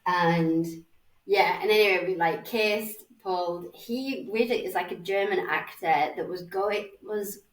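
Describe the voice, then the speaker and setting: A woman's voice: lowish voice, measured pace. A woman in her forties with a Northern English accent, telling a dating story as a podcast guest in a chatty, sweary way. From Northern England. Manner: chatty, swearing, acts out voices. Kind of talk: casual chat, storytelling. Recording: roomy, slightly distant mic.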